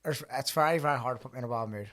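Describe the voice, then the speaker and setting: A young man hosting a podcast in a relaxed, easygoing way. He's a boxer who drops swear words casually and spins stories from the ring. His voice sits at an ordinary, middling pitch. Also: racing. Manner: laid-back, swears freely, tells stories. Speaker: podcast host and pro boxer.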